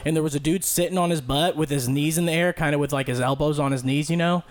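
A young man on a podcast casually telling a rambling, profane story and loudly acting out the people in it. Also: a little high, fairly even intonation, quick pace. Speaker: podcast co-host.

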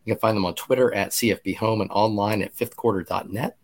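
A man in his fifties hosting a casual podcast, talking conversationally with restarts and quick asides. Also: on the low side, steady tone. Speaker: podcast host.

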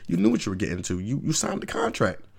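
A man's voice: mid-range voice, huge pitch swings, racing, vocal fry, darkish tone, breathy edge. Man ranting in an emphatic casual commentary. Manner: emphatic, rambling, with constant rhetorical check-ins. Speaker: vlog host.

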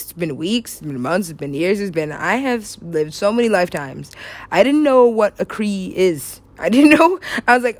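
A woman's voice: medium pitch, normal speed, dry recording. A young woman rambling through a wild story, giggling often, swearing freely and trailing off mid-thought. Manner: giggly, excitable, profane, trails off.

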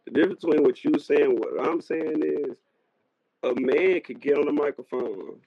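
A man's voice: a little high, moderate pace, creaky, no room sound. A man in his thirties talking bluntly in casual slang during a podcast debate, often repeating himself for emphasis. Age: 30s. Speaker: podcast co-host. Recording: lo-fi dry recording.

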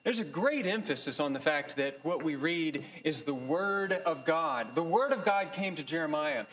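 A man with a somewhat high voice teaches a Bible class. He speaks thoughtfully and haltingly, often restarting his sentences and filling pauses. A faint hum sits in the background. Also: expressive, a bit bright, poor audio. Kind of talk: lecture.

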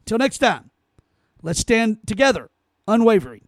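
A man hosts his own podcast in an indignant, emphatic rant, often repeating phrases for effect. His voice sits fairly high for a man. The sound is dry and close, with no room echo. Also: big pitch swings, moderate pace. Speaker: podcast host. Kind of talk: opinionated solo podcast rant.

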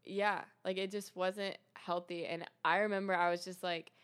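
A woman's voice: lowish voice, flat delivery, moderate pace, a bit bright, smooth. A young woman telling her faith testimony in a casual chat, earnest and full of fillers and restarts. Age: young adult. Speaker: guest sharing testimony.

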